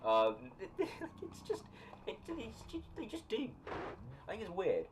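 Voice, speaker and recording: A man's voice: sits high, wildly swooping pitch, slow. A young British man chatting casually on a live stream while gaming, rambling as he reads and answers chat comments. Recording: noisy home recording.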